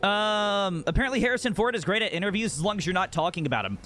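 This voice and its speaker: A man's voice: high-pitched, animated, fast talker, sharp tone, a little hiss or hum. A man streaming a game, chatting casually and telling profane, joking stories in a rambling way. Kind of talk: casual live-stream chat.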